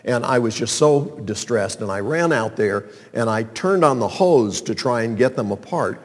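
A man from North Carolina telling a personal story to an audience in an animated, sermon-like way. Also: mid-range voice, moderate pace. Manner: animated storyteller, acts out calls and sounds. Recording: long reverb of a large hall.

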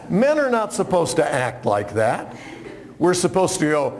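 Male preacher, slightly high voice, unhurried, playful sermon storyteller. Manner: animated, humorous storytelling with acted-out quotes.

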